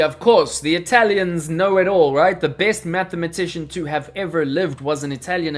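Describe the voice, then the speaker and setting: A man's voice: fairly high pitch, normal speed, few pauses. Upbeat man streaming crypto chart talk. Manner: energetic, chatty, addresses chat viewers. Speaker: crypto livestream host. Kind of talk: live trading chart analysis.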